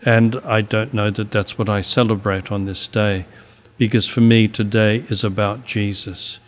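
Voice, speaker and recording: An older Australian man, a bishop, giving a slow, reflective homily with pauses. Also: lowish voice, little pitch movement.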